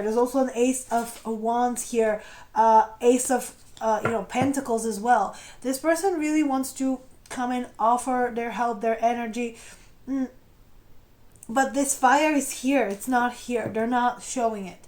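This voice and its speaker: A woman with a slightly high voice gives a tarot card reading. She talks in a loose, chatty way, slipping into short acted-out quotes of how someone feels and breaking into laughter between thoughts. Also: a little slow. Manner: chatty, animated, acts out quoted feelings; often laughs and trails off mid-sentence. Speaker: tarot reader. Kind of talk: intuitive tarot reading to camera.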